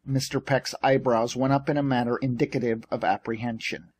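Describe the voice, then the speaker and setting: A man narrating an audiobook in a measured, expressive storytelling manner. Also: medium pitch, husky. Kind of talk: scripted narration.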